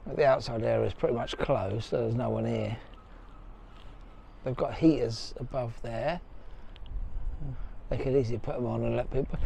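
Gravelly chatty man. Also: mid-range voice, steady tone, normal speed, pauses often, warm tone, a little hiss or hum. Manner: chatty, jokey, talks playfully to his dogs. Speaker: vlogger. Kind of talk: casual travel vlog narration.

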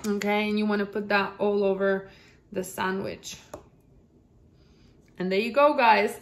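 A young woman chatting casually in a home kitchen while showing a recipe, excitable and laughing often. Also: mid-range voice, measured pace, long pauses, a little hiss or hum. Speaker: cooking vlogger. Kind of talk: casual cooking demonstration.

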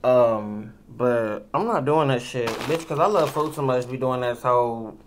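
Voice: mid-range voice, a little slow, a little hiss or hum. A tipsy vlogger chatting casually at home while eating, sassy, rambling and full of swearing, talking to the camera. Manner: sassy, profane and rambling, calls listeners girl. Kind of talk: casual eating-show chat. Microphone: camera mic.

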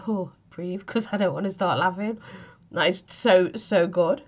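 A woman's voice: fairly low pitch, fairly bright tone. A woman chatting casually through a vape flavour review, giggly and self-mocking, with a cough from a chest infection.

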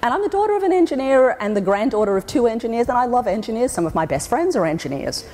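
A woman's voice: on the high side, sing-song, fast talker, warm tone. An Australian woman giving a humorous conference talk, telling wry stories and acting out other people's voices. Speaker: keynote speaker. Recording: hall with long reverb.

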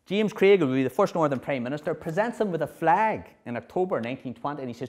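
A middle-aged man giving a history lecture, lively, often checking in with his audience. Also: fairly high pitch, fairly quick. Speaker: speaker at a political history festival.

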